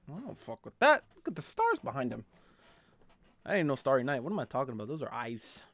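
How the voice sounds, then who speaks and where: A young man streaming a horror game. He reads the game text aloud quietly, then breaks into loud, profane, excitable commentary. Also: medium pitch, normal speed, creaky, husky. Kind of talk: let's play commentary.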